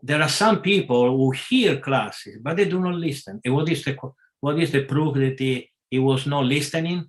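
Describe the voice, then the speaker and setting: A man giving a scripture class, talking in a halting way with many pauses and self-corrections. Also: medium pitch. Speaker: class speaker.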